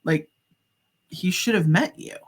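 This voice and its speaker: A middle-aged psychic medium, appearing as a podcast guest, tells a story in a fairly low, husky voice at a measured pace. She is animated, acts out the quoted dialogue, and leans heavily on "like" and other casual fillers.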